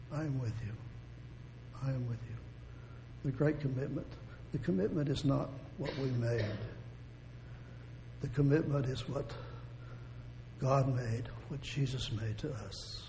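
A man preaching a sermon with a deeply gravelly, mellow voice, pitched a touch high for a man. He talks in a folksy, rambling way, circling back over his phrases. The sound rings with long reverb, over a faint low rumble. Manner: folksy, rambling with restarts, chuckles.

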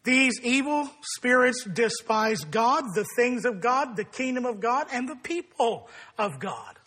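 Slow, high-voiced husky male preacher. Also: expressive, bright, forceful tone. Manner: deliberate, emphatic preaching. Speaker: pastor. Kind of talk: sermon.

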